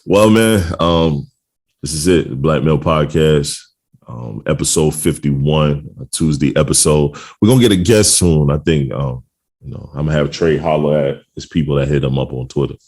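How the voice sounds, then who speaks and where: A man's voice: a bass voice, normal speed, darkish tone. A middle-aged man hosting a podcast, talking in a laid-back, casual way with lots of slang and laughter. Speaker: podcast host.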